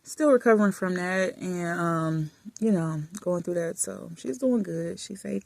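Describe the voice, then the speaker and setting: Low-voiced woman chatting from bed. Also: measured pace, vocal fry, few pauses, no echo. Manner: chatty, affectionate, drifts into soft murmurs. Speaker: vlogger. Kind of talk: casual chat. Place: lying in bed in a dark room.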